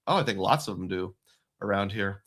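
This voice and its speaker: Host, man, 40s-50s, bright tone, chatty reading of chat comments. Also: sits low, lively intonation, brisk, husky. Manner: chatty, reads viewer comments aloud and answers them. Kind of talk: casual live stream chat.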